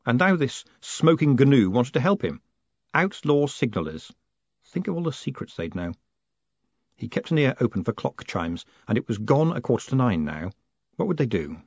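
A man narrating an audiobook in an expressive, wry, dramatic reading, recorded dry and slightly muffled. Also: medium pitch, dry recording.

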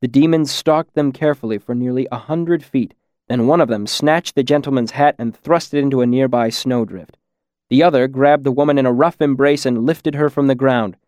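A man reading a first-person story aloud in a measured way, dropping quieter on the darker lines. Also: medium pitch, dry recording, studio quality. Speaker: audiobook narrator. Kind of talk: scripted first-person narration.

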